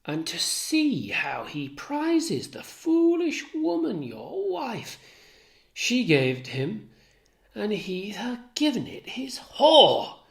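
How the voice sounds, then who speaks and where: Brief: manipulative schemer read aloud by a tutor, insinuating and goading, unhurried. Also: medium pitch, wildly swooping pitch, vocal fry, voice pushed up, heavily acted. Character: scheming manipulative ensign, a grown man. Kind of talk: dramatic reading of a play.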